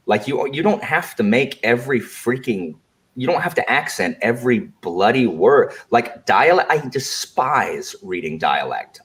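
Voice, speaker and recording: American man, lively swinging pitch, emphatic, casual book talk host. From United States. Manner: animated, emphatic, repeats phrases. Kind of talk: casual book discussion livestream.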